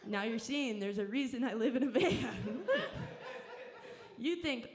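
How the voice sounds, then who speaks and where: Drawling Southern Californian comedienne. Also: female voice, on the high side, crowd noise. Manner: drawling, laid-back delivery that sounds stoned; slow, deadpan talk. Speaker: stand-up comedian. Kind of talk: stand-up set. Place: comedy club stage.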